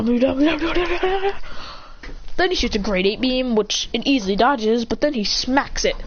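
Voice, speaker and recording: Woman storyteller, fairly high and very animated, cursing and correcting herself, dull low-fi mic. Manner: rambling, profane, frequent self-corrections; bursts into high shouted character cries. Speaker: fan storyteller. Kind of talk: improvised fan-fiction narration. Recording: dull lo-fi sound with faint background hiss.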